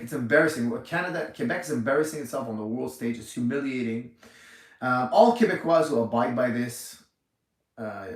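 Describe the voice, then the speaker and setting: A man's voice: mid-range voice, recorded from a distance. A man in his forties giving an indignant, emphatic livestream rant from a gym, repeating his points. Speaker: gym owner. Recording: echoey room, off mic.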